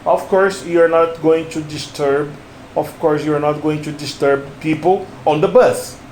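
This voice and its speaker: Patient, high-voiced male English teacher. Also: steady tone, unhurried, a little mellow. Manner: patient, repetitive, coaching. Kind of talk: one-on-one English lesson. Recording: roomy with faint hiss.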